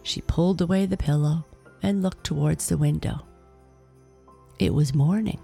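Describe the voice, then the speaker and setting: A woman narrating a children's storybook in a slow, soft-spoken manner that sinks to whispers. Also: low voice, creaky, slightly rough, soft background music.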